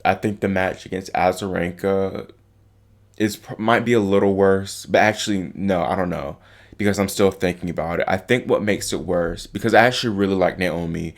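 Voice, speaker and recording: Male vlogger, low gravelly voice, rambling and hesitant, heartfelt delivery. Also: steady tone, moderate pace. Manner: rambling, hesitant, with many restarts and fillers; heartfelt, openly affected by the topic. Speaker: tennis vlogger. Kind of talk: casual spoken commentary to camera.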